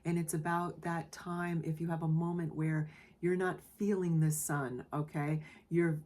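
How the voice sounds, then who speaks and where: A woman with a low voice gives a gentle, spoken collective tarot reading. She speaks softly and emotionally, often repeats phrases, and checks in with the listener.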